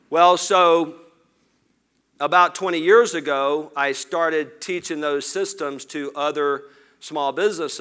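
A middle-aged man from Lower Alabama speaks in a Southern accent, telling stories to an audience from an event stage. His voice is bright and forceful, smooth and resonant, and he sits a little high. He talks in a folksy, animated way, full of jokey asides. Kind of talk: storytelling keynote talk.

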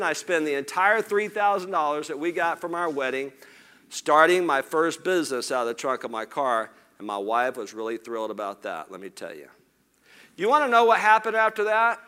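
A middle-aged man from Lower Alabama with a Southern accent, telling folksy, animated stories with jokey asides as a speaker on an event stage. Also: clean tone. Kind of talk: storytelling keynote talk. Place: event stage before an audience.

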